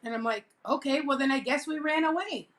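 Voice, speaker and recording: A woman vlogger telling a childhood story in a casual, animated way, acting out quoted lines and laughing now and then. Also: sits high, brisk.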